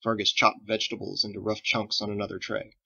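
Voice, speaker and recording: Gravelly man reading a storybook. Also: lowish voice, fast. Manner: lively, expressive reading. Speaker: author reading his own book. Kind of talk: storybook narration. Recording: dull lo-fi home recording.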